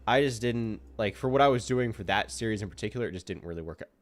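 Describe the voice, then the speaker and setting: A man streaming live gameplay commentary, excitable and self-mocking, exasperated at his own character. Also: lowish voice, fast talker.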